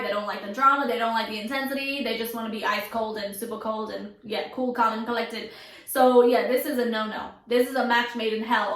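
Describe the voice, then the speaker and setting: Chatty woman in an echoey room. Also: fairly high pitch. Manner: chatty, animated, dramatic asides. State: out of breath. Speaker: astrology video host. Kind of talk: casual talk to camera.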